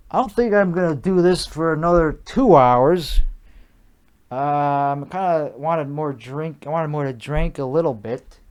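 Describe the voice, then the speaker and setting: A man's voice: a little high, darkish tone. A young man with a put-on Chicago accent hosting a solo comedy podcast, ranting in a rambling, profane, mock-bravado way. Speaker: podcast host.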